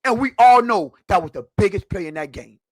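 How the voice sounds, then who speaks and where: A man's voice: sits high, animated, brisk, no room sound. A man hosting a heated sports talk show, preachy and emphatic, firing off rhetorical questions.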